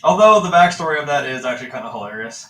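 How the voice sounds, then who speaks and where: A man's voice: medium pitch, animated, rapid-fire, a bit bright. A man in casual chat on a livestream, rambling and laid-back, swearing now and then. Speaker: livestream co-host. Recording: roomy, distant mic with faint noise.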